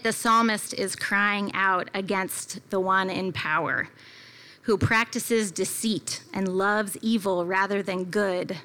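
A woman delivers a sermon in a bright, clear-edged voice. She speaks reflectively and personally, like a preacher sharing a story, with easy fillers that keep it conversational. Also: medium pitch. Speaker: preacher at a church gathering.

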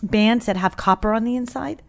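A woman with a somewhat high voice chats casually. She tells rambling, self-deprecating stories, often restarting her sentences. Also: moderate pace, gravelly. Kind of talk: casual chat.

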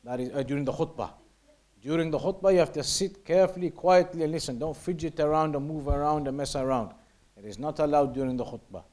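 This fast-talking man, his voice slightly high and a little mellow, teaches a religious lesson on Islamic law by reading passages and explaining them in English. He often goes back over his points and occasionally lowers to a near-whisper to show how something is said.

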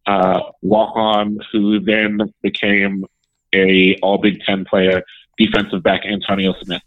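Low-voiced man on a tinny phone line. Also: slow, no room sound. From Columbus, Ohio, US. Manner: relaxed storyteller with frequent fillers. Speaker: podcast guest. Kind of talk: casual chat.

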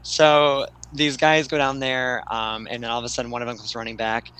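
A man's voice: mid-range voice, level tone, fairly quick, pushed and bright, clean tone, low-quality recording. A man casually retelling a story to a friend, rambling with lots of fillers and restarts.

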